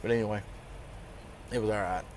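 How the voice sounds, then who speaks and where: A man's voice: fairly low pitch, steady tone, a little fast, a little mellow, a little hiss or hum. A middle-aged man, telling a rambling, folksy story about his day in a casual vlog. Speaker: trucker vlogger.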